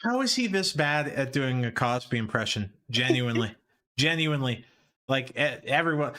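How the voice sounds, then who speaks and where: Young guy streaming, bright voice, swears a lot, laughs at himself. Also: on the high side, sing-song, moderate pace. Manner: profane, self-mocking, laughing often. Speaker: livestream host. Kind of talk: casual live stream commentary.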